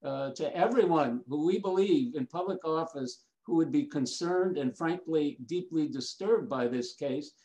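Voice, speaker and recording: Mellow man, earnest guest. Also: a little high, unhurried, hardly any pauses, rough recording. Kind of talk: interview answer.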